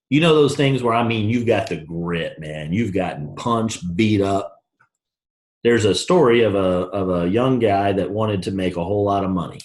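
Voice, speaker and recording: A man giving a blunt, brash motivational talk, telling a story with a punchy, swinging delivery. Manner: blunt, brash, swings from low to shouted highs. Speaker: motivational speaker.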